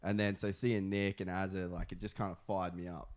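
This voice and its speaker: A man's voice: deep voice, little pitch movement, brisk. A man in his twenties with an Australian accent, chatting casually on a podcast, rambling with lots of fillers and frequent swearing. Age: 20s.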